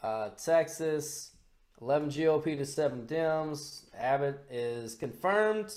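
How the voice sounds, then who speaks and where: A man co-hosting a casual political podcast, crude and excitable, swearing freely. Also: a little high, slow pace. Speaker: podcast co-host.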